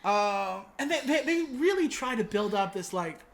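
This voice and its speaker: Woman podcast host, casual movie recap, wry and sarcastic, filler-heavy chat, mid-pitched voice. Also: sing-song. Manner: wry and sarcastic, with filler words and quick asides.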